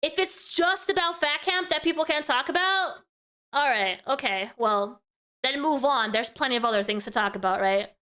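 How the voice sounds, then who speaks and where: A woman's voice: high voice, normal speed, pushed and bright. A woman hosting a casual commentary show, talking things through in a chatty way and often tagging her points with a question. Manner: chatty, keeps asking "right?". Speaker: commentary host.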